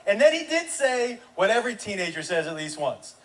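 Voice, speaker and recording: High-pitched shouting stand-up comedian. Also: male voice, fairly quick. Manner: animated, bursts into shouting. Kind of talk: stand-up storytelling. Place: comedy club stage. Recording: roomy live club recording from a distance. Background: audience laughter and room noise.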